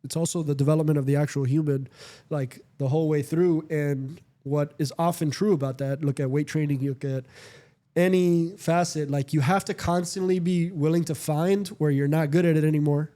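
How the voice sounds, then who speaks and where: A man's voice: on the high side, fairly even intonation, normal speed, warm tone. A man hosting a podcast in casual chat, rambling with lots of fillers and the odd curse word. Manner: rambling, frequent fillers and profanity. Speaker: podcast host.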